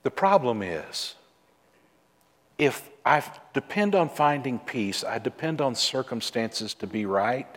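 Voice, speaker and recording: A man's voice: medium pitch, expressive, slow pace. A man preaching a sermon as pastor, speaking emphatically and repeating key phrases for stress. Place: church sanctuary. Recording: long hall reverb.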